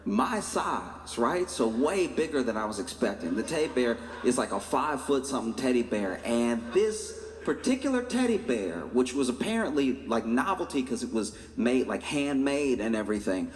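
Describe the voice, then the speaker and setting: A man's voice: mid-range voice, animated, moderate pace, hardly any pauses. A stand-up comedian, a man, telling a story in a conversational way and briefly acting out other people's voices. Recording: reverberant stage audio with faint noise.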